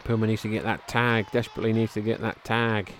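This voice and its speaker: A man hosting a podcast, giving casual, excitable play-by-play over old wrestling footage, with frequent exclamations and thinking aloud as he goes. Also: on the low side, quick pace, slight background noise. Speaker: podcast host.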